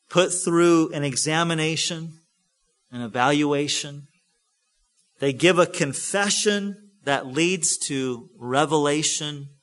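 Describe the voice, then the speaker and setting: A man preaching a sermon as a pastor, acting out scripture scenes with big swings from hushed to loud. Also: high-pitched.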